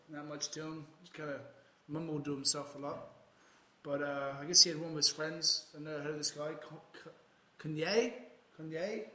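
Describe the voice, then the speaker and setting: A man's voice: fairly high pitch, pushed and bright, echoey room, poor audio. A man playing a rambling aging ex-rocker and ex-convict, hesitant and full of filler sounds. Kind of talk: improvised comedy interview.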